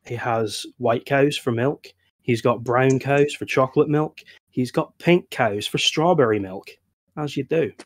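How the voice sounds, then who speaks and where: A man narrates a silly story during a video call game. He delivers the jokes deadpan and playful, keeping the story rolling in an easy, steady way. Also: mid-range voice, unhurried, no echo. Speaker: player. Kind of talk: comic storytelling. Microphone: webcam video call.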